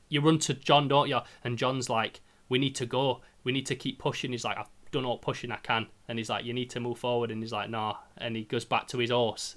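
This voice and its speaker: A man's voice: mid-range voice, fairly bright tone. A man, animatedly retelling a video game's story on a podcast, swearing and acting out the characters' lines. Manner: swears freely, acts out game characters' lines. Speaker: podcast host. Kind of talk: casual chat, animated game recap.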